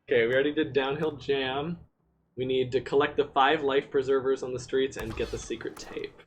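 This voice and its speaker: A man's voice: medium pitch, fairly even intonation, fairly quick. Guy playing a game on stream, laughs a lot, regular mid voice, faint hiss. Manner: giggly, laughs often. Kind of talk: casual gaming chat.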